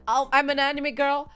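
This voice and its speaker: A woman's voice: a little high, fairly bright tone, smooth. A woman streamer chatting casually on a live stream, rambling in a giggly, playful way. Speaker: VTuber streamer.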